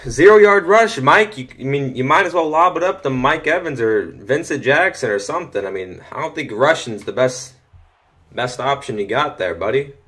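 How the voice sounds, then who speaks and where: A teenage boy gives casual commentary on a football video game from his room at home. He mutters and chats to himself, then gets loud and excited when a play goes his way. His pitch sits in the middle for a young man. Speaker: gaming commentator.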